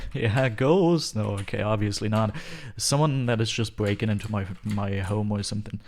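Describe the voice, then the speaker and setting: Guy streaming a game from home, kinda low voice, rambly and jokey, chuckles a lot, faint hum behind him. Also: a little slow, darkish tone. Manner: rambling, joking, chuckles often. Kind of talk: live gaming stream chatter. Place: home room, alone.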